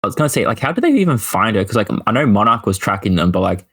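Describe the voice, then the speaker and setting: Lower-voiced man in chatty, laughing banter. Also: rapid-fire, breathy edge. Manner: animated, laughs a lot, lots of "like". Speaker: podcast co-host. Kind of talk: casual chat.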